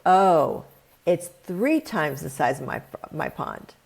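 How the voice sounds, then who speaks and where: Woman doing a bright, chummy pond frog for a spoken parable, pitched up. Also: sing-song, slow pace, gravelly, slightly rough, exaggerated voice. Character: small-minded male pond frog, friendly.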